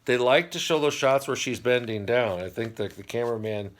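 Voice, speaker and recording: A middle-aged man talks casually at home, rambling from point to point and dropping wry jokes as he goes. His voice sits at an ordinary middle pitch for a man. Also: fairly quick, a little hiss or hum. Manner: chatty, rambling, wry asides. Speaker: channel host recapping a TV show. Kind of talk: casual chat.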